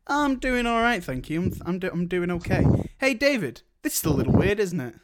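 A man's voice: high-pitched, very animated, fairly quick. A young man co-hosting a podcast, goofy and teasing, often breaking into silly bits. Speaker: podcast co-host. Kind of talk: casual podcast chat. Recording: noisy home recording.

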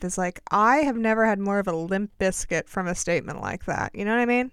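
Woman podcast host, casual chat, quick sarcastic asides, crisp voice. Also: mid-range voice, expressive, fairly bright tone, no room sound, clean studio sound. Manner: chatty, sarcastic, self-deprecating.

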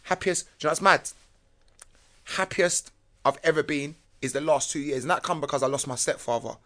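A middle-aged man, a podcast guest telling stories in an animated, slangy way and laughing often. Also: fairly high pitch, fairly quick. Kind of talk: casual storytelling chat.

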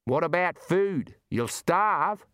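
A man's voice: a little high, lively intonation, slow, fairly bright tone, smooth, no echo, voice pushed up. A man voicing a blunt, unimpressed male kangaroo in a storybook reading, with a dry, matter-of-fact drawl.

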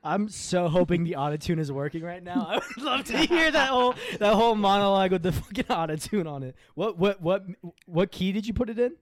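A young man hosting a casual online podcast, loud, profane and teasing, laughing a lot. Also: high voice, a little fast, few pauses, dry recording. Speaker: podcast host. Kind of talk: casual crude podcast banter.

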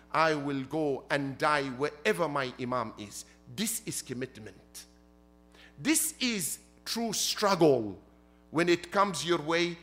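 High bright-voiced man preaching. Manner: emphatic, repeats points and asks rhetorical questions. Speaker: sheikh preaching at a Muharram gathering. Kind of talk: sermon.

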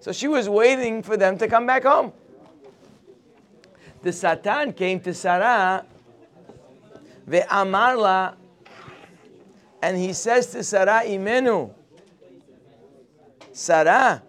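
A man's voice: high voice, slow, pauses often, fairly bright tone. A man teaching a morning Torah class, telling the story expressively and mixing Hebrew quotes with English. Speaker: religious teacher.

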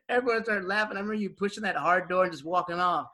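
A young man casually reminiscing with an old friend, animated, acting out quoted voices and laughing often. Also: high voice, racing. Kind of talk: casual storytelling chat.

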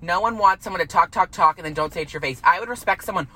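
A woman's voice: fairly low pitch, very fast, bright, forceful tone, breathy edge, rough recording. A woman in her twenties delivering a heated, profane rant to camera, repeating herself and swearing freely. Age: 20s. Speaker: vlogger.

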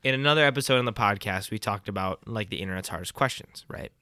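A young man with a bright, forward voice pitched on the lower side hosts a podcast among friends. He keeps the chat loose and jokey and swears freely. The sound is close and dry. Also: fast talker, no room sound. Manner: joking, swears freely, playfully defensive. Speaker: podcast host. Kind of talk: casual podcast banter.

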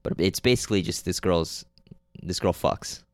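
A man's voice: sits low, moderate pace, no echo. A man hosting a casual solo podcast, rambling through a movie recap with lots of fillers, restarts and swearing, and often losing track of names. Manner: offhand and unpolished, losing names mid-sentence. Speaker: podcast host reviewing movies.

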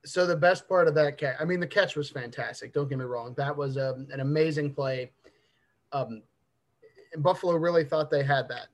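Higher-voiced man in lively sports banter. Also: normal speed. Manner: enthusiastic, laughs easily. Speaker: podcast co-host. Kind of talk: casual sports chat.

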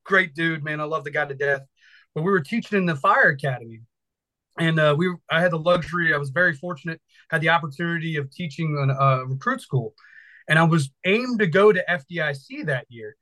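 A man's voice: fairly high pitch, fairly quick, pushed and bright, poor audio. A man in his thirties from Virginia, a firefighter instructor talking casually and energetically in an interview, rambling and swearing freely.

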